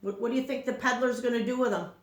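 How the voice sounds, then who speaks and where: A woman teacher reading a picture book aloud to children, slowly, often stopping to ask them questions. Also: fairly high pitch, fairly even intonation, roomy sound. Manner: slow, questioning storytime delivery.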